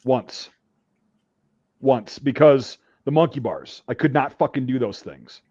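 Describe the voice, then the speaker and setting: A man hosting a casual talk, telling a profane story and acting out drill sergeants' shouts. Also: medium pitch, measured pace, no room sound, dull audio. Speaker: podcast host.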